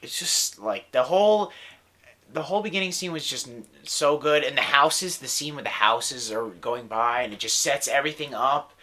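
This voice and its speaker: A man's voice: medium pitch, normal speed, pushed and bright. A young man co-hosting a casual film review podcast, rambling enthusiastically with lots of "like" and "dude". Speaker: podcast co-host.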